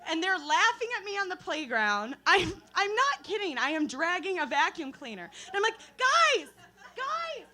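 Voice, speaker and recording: Bright, high-voiced young woman doing stand-up. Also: big pitch swings, moderate pace, few pauses. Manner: self-deprecating storytelling, full of fillers and laughs. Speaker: stand-up comedian. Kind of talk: stand-up comedy set. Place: open mic night at a bar.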